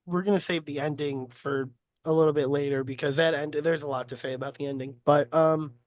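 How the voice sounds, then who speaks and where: A man's voice: on the high side, steady tone, fairly quick, no room sound. A young man hosting a casual podcast chat, talking loosely with many fillers. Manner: laid-back, loose, lots of fillers. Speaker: podcast host.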